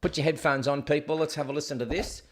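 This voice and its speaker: A man's voice: a little high, fairly even intonation, fast talker. Joking male live-stream host. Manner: chatty, joking, talks back to clips. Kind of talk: casual live-stream chat.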